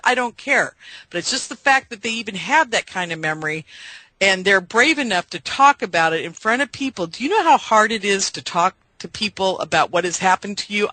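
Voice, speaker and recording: A woman's voice: mid-range voice, bright, forceful tone, dry recording, rough recording. A middle-aged woman radio host, pleading emotionally with her listeners and addressing them directly. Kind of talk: impassioned monologue to listeners.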